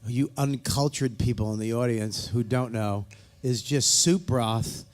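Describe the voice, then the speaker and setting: A middle-aged man trades jokes on a live comedy podcast as the guest. He rants, and his complaints come thick with swearing. His voice sits at an ordinary pitch for a man. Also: unhurried, darkish tone. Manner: profane, ranting and joking.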